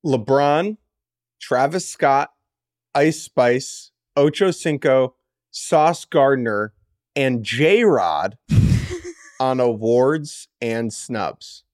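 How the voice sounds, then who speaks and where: A man's voice: medium pitch, expressive, drawn-out words, a little mellow, no echo. A male podcast co-host in easy, joking chat, reading listener comments aloud in a mid-range voice. The sound is dry and close, with no room around it.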